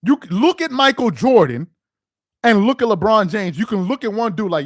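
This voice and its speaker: A man's voice: sits high, animated, brisk, no echo. Fired-up man ranting in a dry room. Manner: heated, mocking, repetitive rhetorical questions. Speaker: sports commentary host. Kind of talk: casual ranting commentary.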